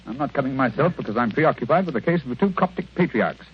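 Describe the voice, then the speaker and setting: An actor playing a confident, dry-witted detective who speaks briskly and ironically, in 1940s radio acting style. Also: male voice, medium pitch, lively intonation, close to an everyday voice. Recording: dull old radio recording, faint hiss.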